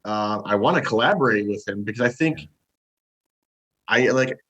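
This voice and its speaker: A man guesting on a podcast as a movie reviewer, chatting in an animated way and jumping up in pitch when he quotes himself. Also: normal speed, low-quality recording. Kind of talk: casual podcast chat.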